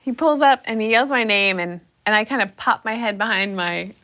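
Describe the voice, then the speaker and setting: A young woman telling her own story in a casual, animated way, acting out her past reactions. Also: mid-range voice, fairly quick.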